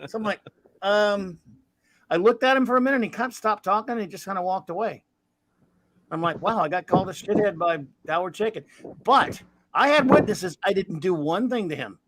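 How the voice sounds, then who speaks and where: High-voiced blunt storytelling man in his fifties. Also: a little fast, fairly bright tone, slight background noise, low-quality recording. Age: 50s. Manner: rambling, blunt storyteller with crude humor. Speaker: podcast host. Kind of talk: casual chat.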